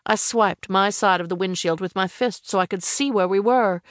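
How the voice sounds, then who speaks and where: A woman audiobook narrator reads a first-person novel in a measured, even storytelling style. Her mid-range voice is captured with clean studio sound and no echo.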